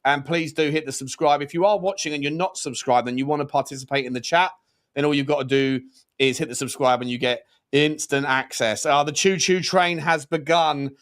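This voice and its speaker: A man's voice: fairly high pitch, brisk, a bit bright. A man co-hosting a casual live football chat stream, talking in a rambling, chatty way with plenty of fillers. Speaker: co-host.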